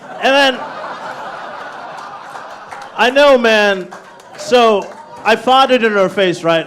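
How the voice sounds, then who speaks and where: A man's voice: high-pitched, very slow, long pauses, a bit bright, slight background noise. A man performing a crude live stand-up set in a comedy club, brash and laughing through his punchlines.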